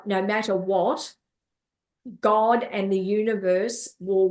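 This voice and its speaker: A woman life coach telling stories from her life in an interview, repeating words and acting out what others said. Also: mid-range voice. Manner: repeats words, acts out quoted dialogue. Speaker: life coach and therapist guest. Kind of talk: storytelling in an interview.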